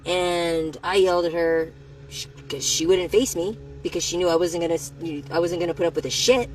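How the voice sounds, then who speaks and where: A woman's voice: on the low side, steady tone, rough recording. Candid woman retelling a run-in. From United States. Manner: candid, profane storytelling, measured pace that gets heated. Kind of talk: personal story vlog.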